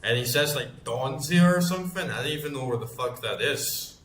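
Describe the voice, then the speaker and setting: A man's voice: mid-range voice, expressive, a little fast, sharp tone, slight background noise. A man in his forties, a gaming YouTuber telling a long story in a rambling, filler-heavy way with plenty of swearing. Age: 40s. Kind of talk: casual storytelling. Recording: roomy echo.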